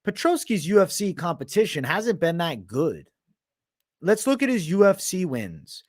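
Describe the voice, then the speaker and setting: A young man with a mixed Boston and New York sounding accent, hosting a live MMA betting show in a brash, profane, animated way, talking back to live viewers. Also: high voice, moderate pace, dry recording, studio quality. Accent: mix of Boston, Canadian and Italian, often heard as New York. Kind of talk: live-stream commentary, casual and profane.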